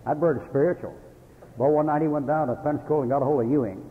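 A man's voice: fairly high pitch, fast. An older man, a Baptist preacher delivering a folksy sermon, telling stories with chuckles and breaking into angry tirades. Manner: folksy storytelling with sudden angry outbursts and chuckles. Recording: tinny phone-like old radio broadcast in a hall.

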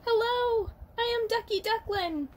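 Ducky Ducklin, a woman doing a squeaky cheerful duckling. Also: measured pace, slight background noise. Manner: squeaky sing-song quacking. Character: cheerful little duckling, high and bouncy.

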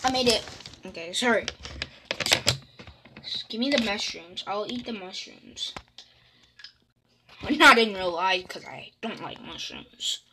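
A woman's voice: mid-range voice, lively intonation, slow pace, pauses often, noisy background. A woman talking casually over her own gameplay, chatty, dropping into whispers and breaking into panicked squeals. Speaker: gaming channel host.

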